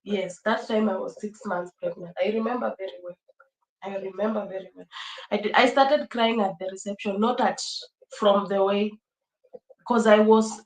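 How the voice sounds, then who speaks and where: A young woman, chatting casually on a livestream, emotional and repeating herself, laughing often. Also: medium pitch. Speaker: livestream host. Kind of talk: casual livestream chat with viewers. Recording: echoey room.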